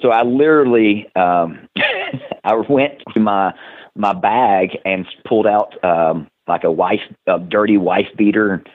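A man's voice: fairly low pitch, slow pace, narrow, tinny audio. A man with a Tennessee accent, a wrestler telling stories in a casual chat, laughing often and restarting his sentences. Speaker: wrestler guest.

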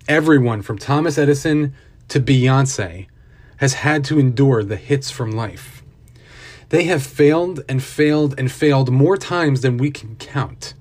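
Husky man telling a motivational story. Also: medium pitch. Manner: earnest, building intensity. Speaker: narrator.

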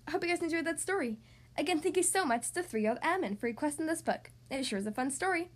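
A woman hosting a children's story podcast and reading a picture book aloud in an expressive storytelling voice. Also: high voice, fast.

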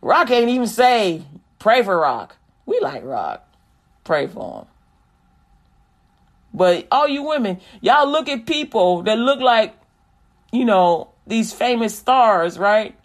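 A woman preacher delivers an animated sermon, moving between recited scripture and casual, direct talk to her listeners. Her voice sits high and lively. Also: slow.

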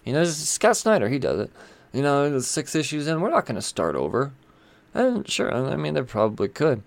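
A man's voice: mid-range voice, huge pitch swings, a little fast, gravelly, no echo. A man hosting a casual, rambling commentary on new comics, chatty and irreverent, with swearing and asides. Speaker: comic book video host.

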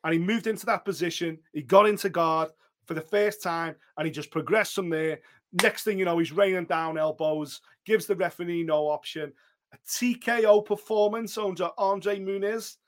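A man's voice: high voice, normal speed. A man co-hosting a sports podcast in casual chat. He delivers short, emphatic verdicts. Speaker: podcast co-host.

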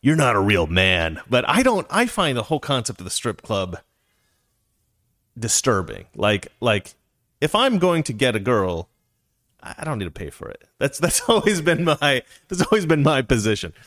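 A man's voice: mid-range voice, big pitch swings, moderate pace, a bit bright. A man telling a long personal story in a casual, rambling way, with frequent restarts and asides.

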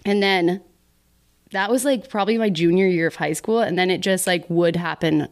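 A young woman from Texas with a fairly low voice tells a story to a podcast host in a loose, chatty way. She laughs often and slips into little voiced-out versions of her younger self. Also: moderate pace. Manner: chatty, laughing often, acts out her own past words. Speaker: podcast guest. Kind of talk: casual storytelling interview.

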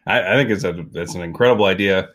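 Man, lowish voice, rambling, animated, comedy podcast banter. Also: fast talker. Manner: rambling, animated, repeats himself. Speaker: podcast co-host. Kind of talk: comedic improvised riffing.

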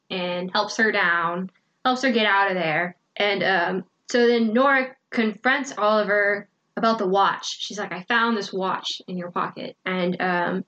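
A woman's voice: mid-range voice, fairly bright tone, lo-fi sound. A woman co-hosting a casual podcast, retelling a book's plot in a chatty way with lots of fillers and quoted lines. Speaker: podcast co-host recapping a book. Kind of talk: casual chat.

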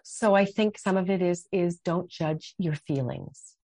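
A woman's voice: on the low side, a little slow, dark tone, dry recording. A middle-aged woman speaking passionately as a guest on a faith interview, acting out her own prayers and quotes. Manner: impassioned, dramatic acted-out quotes.

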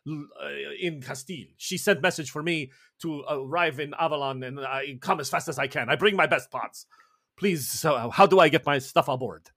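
A man's voice: on the high side, fairly bright tone, dry recording. Guy doing flamboyant ship's chef, effusive, fumbles words, dry room. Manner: effusive, halting, searching for words.

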